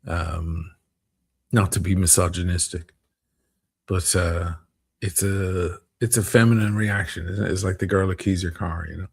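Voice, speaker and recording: A man with a deep, gravelly voice rambles through a casual live stream chat. He swears freely and breaks into laughter between thoughts. His tone is a little husky. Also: steady tone, a little slow. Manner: rambling, profane, laughs often.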